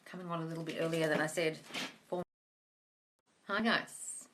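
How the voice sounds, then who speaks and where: A woman's voice: deep voice, level tone, fast, background noise. A woman hosting a live-stream Q&A as a manifesting coach, reading viewer comments aloud and replying bluntly, calling everyone darling. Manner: blunt, swears casually. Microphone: phone.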